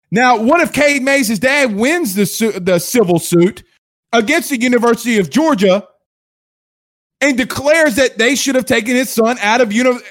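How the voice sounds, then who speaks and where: A man from Louisiana hosts a sports livestream in a fired-up, combative rant. His voice sits high for a man, and his tone is sarcastic. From Louisiana, USA. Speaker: sports show host.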